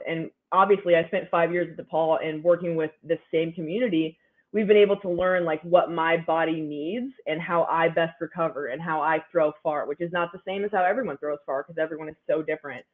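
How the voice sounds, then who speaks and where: A young woman in her twenties, an athlete guest giving upbeat, chatty interview answers full of "like"s. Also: sits low. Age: 20s. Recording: phone-like narrow line.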